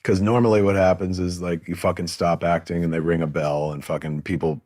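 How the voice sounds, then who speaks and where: A man's voice: low-pitched, flat delivery, brisk, a little mellow. A middle-aged man, a podcast guest, telling rambling, profane anecdotes in casual chat.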